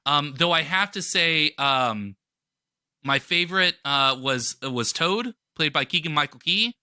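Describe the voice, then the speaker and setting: Bright, excited podcast cohost man. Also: fairly high pitch, a little slow, clean tone, no room sound, clean studio sound. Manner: enthusiastic, rambling with fillers. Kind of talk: casual pop-culture chat.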